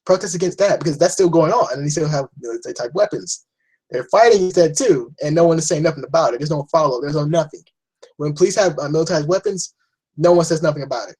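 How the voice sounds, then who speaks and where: A man's voice: on the high side, fast, darkish tone, slightly rough, rough recording. A young man giving a rambling, blunt opinion rant to camera, swearing often and restarting his sentences. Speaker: vlogger.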